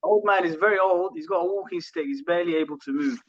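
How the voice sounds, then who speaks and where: Young man, relaxed slangy storyteller, high voice, dull muffled recording. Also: quick pace. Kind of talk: casual chat.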